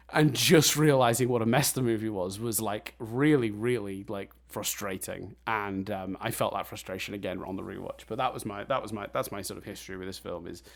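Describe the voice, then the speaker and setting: A man co-hosting a casual film review podcast, animated and blunt, swearing and laughing often. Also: mid-range voice. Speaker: podcast co-host.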